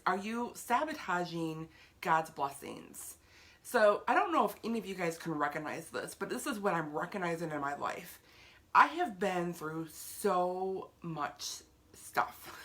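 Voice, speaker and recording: A faith vlogger with a medium-pitched, fairly bright voice gives an earnest, chatty talk on faith to her viewers. She greets live viewers by name and often repeats herself for emphasis.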